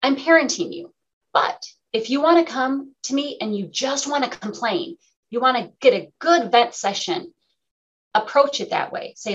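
A woman hosting a radio talk show in casual chat, animated and laughing, acting out quotes. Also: sits high, moderate pace, husky, highs cut off.

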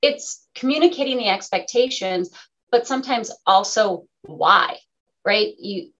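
A woman hosting a radio talk show in casual chat, animated and laughing, acting out quotes. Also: mid-range voice, measured pace, highs cut off.

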